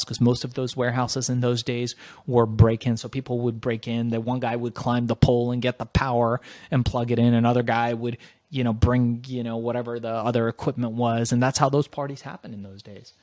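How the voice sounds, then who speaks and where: A middle-aged man spins a story with animated, emphatic delivery and casual swearing. His voice sits at an ordinary pitch. The recording is dry and close, with no room echo. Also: fairly quick. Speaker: interview guest.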